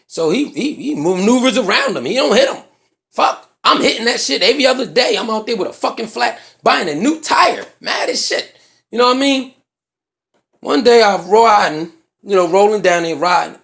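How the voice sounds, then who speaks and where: A man's voice: high voice, a bit bright. A man with a Philadelphia accent telling a comedic story, profane and full of slang, acting out both sides of an argument.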